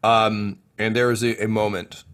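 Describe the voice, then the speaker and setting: A man's voice: lowish voice, little pitch movement, moderate pace, a bit bright, clean tone. A man narrating as game master of a tabletop role-playing game, rambling with many fillers.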